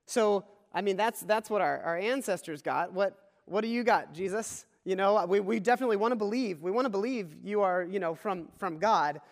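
A man's voice: sits high, moderate pace, hardly any pauses, big-room sound. A man voicing a skeptical, demanding crowd that bargains for proof. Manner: pushy, bargaining.

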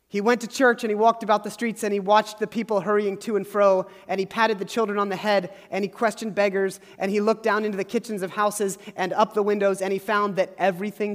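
A man's voice: sits high, fairly even intonation, a little fast. A male pastor preaching a sermon, reading a story aloud in an earnest, emphatic way and leading a prayer. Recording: reverberant hall.

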